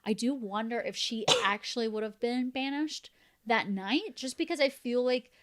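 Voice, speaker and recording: A woman's voice: normal speed, very noisy. Chatty woman cohost recapping tv, jumps way up when quoting people. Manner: chatty, acts out quotes with big pitch jumps. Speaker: podcast co-host. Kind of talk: casual chat.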